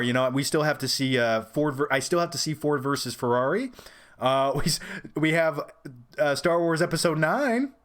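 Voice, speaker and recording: A man's voice: mid-range voice, a bit bright. A man hosting a casual live-stream Q&A about movies, rambling and opinionated with frequent restarts. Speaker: host of a film review channel.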